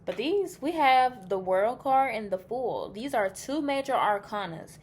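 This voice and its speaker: A woman's voice: on the high side, expressive, measured pace, breathy edge. A woman giving a casual pick-a-card tarot reading. She is chatty and blunt, swears freely, and thinks aloud as she reacts to the cards.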